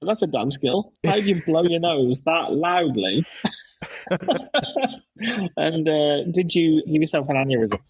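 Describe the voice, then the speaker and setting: A man's voice: on the high side, animated, measured pace, pauses often, slightly rough, no room sound, highs cut off. A man hosting a casual podcast, telling stories with enthusiasm and lots of restarts. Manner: rambling, enthusiastic, many restarts. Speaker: podcast host, dad.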